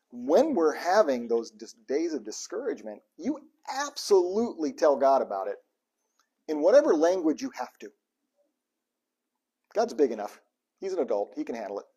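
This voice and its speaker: A man preaching a relaxed, conversational sermon, his pitch leaping up and down as he acts out lines of scripture. His voice sits a little high for a man and has a husky grain to it. He jokes with the room between readings. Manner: lively and joking, acts out the psalms' cries to God. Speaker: pastor.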